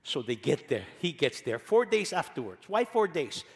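A male pastor preaching a sermon, emphatic, repeating key phrases and swinging between loud passages and quiet ones. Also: a little high, big pitch swings, moderate pace, long reverb tail.

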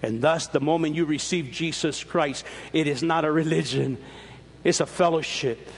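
A man's voice: normal speed, breathy edge, in a large hall. A man preaching a sermon as pastor, swinging his voice up and down as he explains scripture. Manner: preaching with sweeping rises and drops in pitch.

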